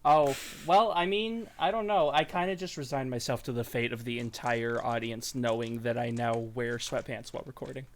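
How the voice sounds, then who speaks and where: A man's voice: medium pitch, moderate pace, few pauses, slight background noise. A young man from Illinois co-hosting a casual podcast chat, joking and laughing often. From Illinois, USA. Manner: giggly, joking, laughs a lot. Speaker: podcast co-host.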